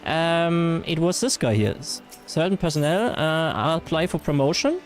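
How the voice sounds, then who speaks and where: Lively German man streaming a game. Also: fairly high pitch, normal speed, soft background music. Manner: chatty, rambling with fillers and restarts, reads chat aloud. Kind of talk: casual gameplay livestream chat.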